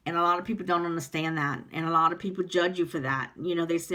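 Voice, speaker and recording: A woman talks earnestly to her viewers in a personal vlog, rambling and heartfelt, with many pauses and ums. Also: on the low side, fairly even intonation, sharp tone. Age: 50s. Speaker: vlogger. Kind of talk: personal vlog talking to camera.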